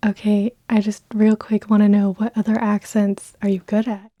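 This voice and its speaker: Soft half-whispering American woman. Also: mid-range voice, monotone, normal speed, no echo. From United States. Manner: gentle, half-whispered questions. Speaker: interviewer, ASMR host. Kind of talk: soft-spoken interview chat.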